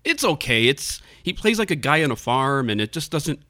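A man hosts a podcast in an easygoing, chatty way. His voice is bright and forward, and he laughs often. It is recorded dry and close. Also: fairly high pitch, very animated, moderate pace, dry recording. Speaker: podcast host. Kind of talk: casual podcast chat.

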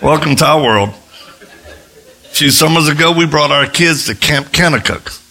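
A man preaching a sermon as a missionary, telling stories in an animated way and jumping into high voices when he quotes others. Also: a little slow. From United States. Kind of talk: sermon with storytelling.

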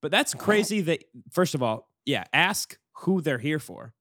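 A man's voice: a little high, sing-song, unhurried, bright, forceful tone, no echo, studio quality. A young man hosting a casual chat, reacting with jokes and offhand swearing.

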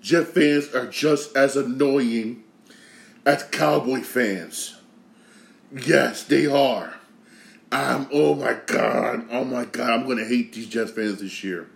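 A man from Connecticut hosting a podcast, ranting casually with slang and a lot of repetition, swinging from loud outrage to low grumbling. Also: vocal fry, reverberant. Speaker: podcast host. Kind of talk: casual sports rant.

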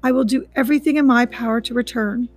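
A woman voicing a calm, earnest female robot mother who speaks in a plain, measured way. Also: fairly high pitch, soft background music, lightly acted.

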